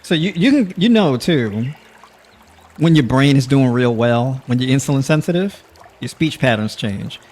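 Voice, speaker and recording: Guy hosting a livestream, middle pitched voice, chatty, lots of uhs and laughs, calls the chat y'all. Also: lively intonation, moderate pace, a little mellow. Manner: chatty, laughs often, heavy fillers; addresses audience with y'all. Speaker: livestream host. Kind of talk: casual livestream talk to the chat.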